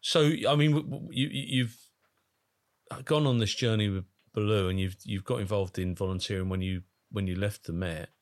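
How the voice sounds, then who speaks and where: A man interviewing a guest in an earnest, halting way, with stammered restarts. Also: lowish voice. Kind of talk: conversational interview.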